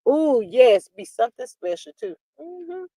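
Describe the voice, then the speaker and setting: A woman hosting a live stream, chatting casually and reading viewer comments, animated and drawling, often calling people "child". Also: high-pitched, measured pace, vocal fry, no room sound, clean studio sound.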